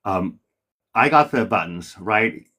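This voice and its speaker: A man's voice: fairly low pitch, expressive, slow, sharp tone. A man hosting a live-stream debate, combative and profane, talking over his guest.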